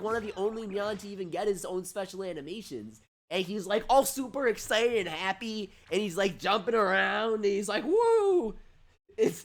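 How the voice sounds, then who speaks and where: A man hosting a livestream, giving excitable, chatty commentary on a mobile game while reading out viewer questions. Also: high-pitched. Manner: excitable, animated and chatty, often breaking into laughter. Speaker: streamer and host. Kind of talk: live gameplay commentary reading chat.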